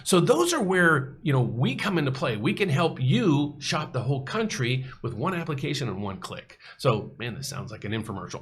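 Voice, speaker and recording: A mortgage broker hosting his own show, casually explaining rate charts. He talks earnestly and folksily, restarts often and lets his pitch bounce up and down. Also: a bit bright. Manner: pitch jumps up and down often, repeats words and restarts.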